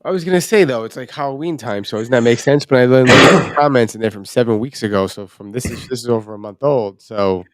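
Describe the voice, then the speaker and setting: A man's voice: mid-range voice, fairly quick, hardly any pauses. A man hosting a comedy podcast, talking casually in a rambling, profane way. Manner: rambling, profane, laughing loosely. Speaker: podcast host.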